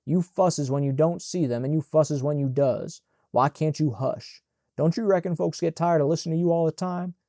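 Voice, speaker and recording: A man's voice: fairly high pitch, moderate pace, mellow, no echo, clean studio sound, natural voice. A man voicing a grumbling teenage servant boy who scolds in folksy Southern dialect. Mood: scolding.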